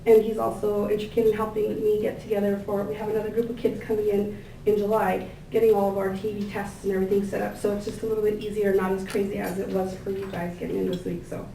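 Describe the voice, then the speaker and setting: A woman's voice: medium pitch, flat delivery, fast talker, creaky. Gushing woman speaking in an echoey hall. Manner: warm, gushing, rambling with many fillers. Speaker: event organizer introducing staff and guests. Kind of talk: thank-you speech at a gathering. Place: large indoor room with tables. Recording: echoey room, picked up from a distance, faint ambient noise.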